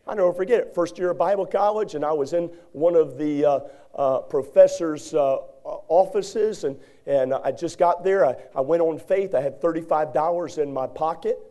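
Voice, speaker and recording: Brief: male preacher with a high voice, folksy and animated as he tells a story from the pulpit. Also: normal speed, hardly any pauses. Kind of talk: sermon with a personal story.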